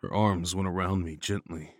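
A man narrating a first-person horror story in an intense, steady way. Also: deep voice, moderate pace, no room sound, clean studio sound.

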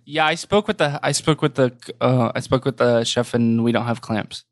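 Improv performer, woman with a low voice, dry deadpan delivery as a waiter. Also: moderate pace. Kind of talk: improvised comedy scene.

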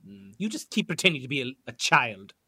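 A man's voice: medium pitch, very animated, a little fast, pushed and bright, breathy edge. A man playing a tabletop game, playful and swaggering. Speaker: player.

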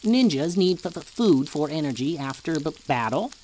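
A man's voice: on the high side, expressive, normal speed, a little mellow, slight background noise, pitched above the performer's own voice, natural voice. A man doing a stuttering storybook robot. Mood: helpful. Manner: stammers on syllables. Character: stuttering male robot helper.

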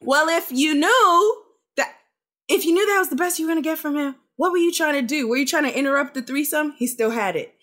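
A woman co-hosting a casual podcast, recapping a reality show in an animated, profane, mocking way. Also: high-pitched, fairly quick. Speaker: podcast co-host.

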